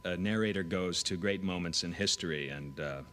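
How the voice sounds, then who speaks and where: A man at a comedy audition, casually and playfully pitching his ideas to camera, with hesitant fillers between bits. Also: moderate pace, pushed and bright, a little hiss or hum.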